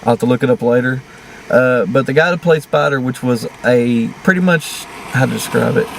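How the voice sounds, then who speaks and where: A man talking through a film with a co-host in a loose, unscripted way. He is blunt and swears freely, stumbling over his words and restarting sentences as he goes. His voice sits at an ordinary middle pitch, with a faint hiss of noise behind him. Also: brisk, gravelly. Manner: blunt and profane, with frequent restarts and laughs. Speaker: movie review co-host. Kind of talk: casual movie review chat.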